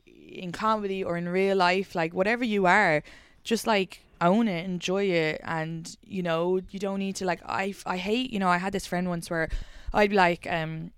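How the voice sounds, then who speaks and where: A woman's voice: fairly low pitch, fairly even intonation, normal speed, smooth, no echo, studio quality. A young adult Irish woman hosting a podcast, chatting casually and rambling a little, with casual swearing. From Ireland. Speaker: podcast host, comedian. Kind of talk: casual chat.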